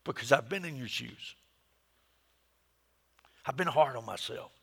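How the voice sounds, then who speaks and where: Middle-aged male pastor, sermon delivery, husky gravelly voice, swings from hushed to booming. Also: a little slow. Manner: dynamic preaching, swinging from hushed whispers to loud emphatic peaks.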